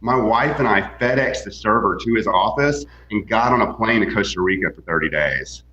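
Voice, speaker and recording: A man's voice: on the low side, animated, moderate pace, bright, forceful tone. A man who works as a real estate broker, telling stories as a guest in a casual interview with many fillers and restarts. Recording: echoey, dull lo-fi sound.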